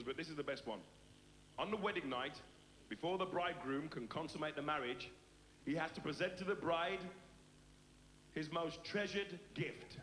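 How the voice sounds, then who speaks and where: A male comedian tells a long story on stage and plays its characters along the way. His voice sits a little high. The live tape sounds roomy and carries a noisy hiss. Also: a bit bright. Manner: storytelling, acts out lines in voices. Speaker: stand-up comedian.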